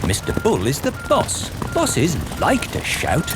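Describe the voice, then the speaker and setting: A man narrating a children's cartoon in a calm, matter-of-fact storytelling voice, with cartoon music behind. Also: fairly high pitch, measured pace.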